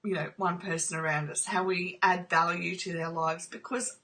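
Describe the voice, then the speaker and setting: A woman's voice: on the low side, fairly even intonation, normal speed, fairly bright tone. A woman speaking earnestly about trauma recovery, often checking in with "okay?" and growing emotional during personal stories. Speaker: trauma recovery video host. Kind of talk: personal talk to camera.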